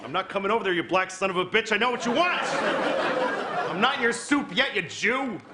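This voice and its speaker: A man voicing a hostile, suspicious male chicken that mutters snarling insults, recorded live over loud crowd laughter. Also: sits high, animated, a little fast, echoey room, heavy background noise.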